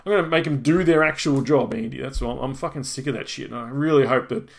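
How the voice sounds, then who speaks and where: A man's voice: mid-range voice, fast talker, gravelly. A middle-aged man, co-hosting a podcast and telling a long, exasperated, swear-filled complaint in a casual way. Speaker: podcast co-host. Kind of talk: casual ranting storytelling.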